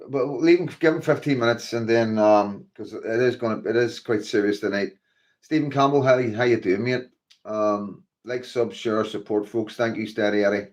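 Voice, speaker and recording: Man, Northern Irish accent, somewhat low voice, casual livestream host, rambling chatty delivery. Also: moderate pace. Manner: chatty, rambling, with frequent fillers like "you know" and "like". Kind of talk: casual livestream chat, greeting viewers.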